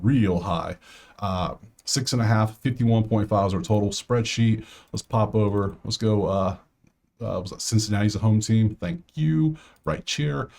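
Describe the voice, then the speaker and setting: A man's voice: lowish voice, darkish tone. A man hosting a sports betting show, thinking aloud in a casual solo commentary full of fillers and restarts.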